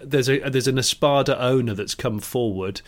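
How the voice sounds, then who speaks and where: A man's voice: mid-range voice, moderate pace. A man co-hosting a podcast, telling stories in a wry, casual way with the odd swear word. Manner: wry, storytelling, mildly sweary. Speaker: podcast co-host. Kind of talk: casual chat.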